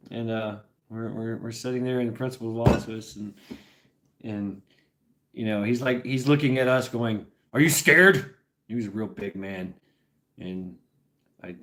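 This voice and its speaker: A middle-aged man talking loosely to his livestream audience. His speech wanders from thought to thought, and it is peppered with laughter and profanity. The delivery is casual and unpolished. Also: medium pitch. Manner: rambling, profane, laughs often.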